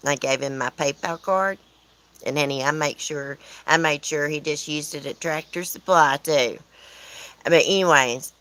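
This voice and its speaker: Low-voiced chatty Southern US woman. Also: fairly bright tone, low-quality recording. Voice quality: chatty, rambling, answers chat comments aloud. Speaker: livestream host. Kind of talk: casual livestream chat with viewers. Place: outdoors at home, windy.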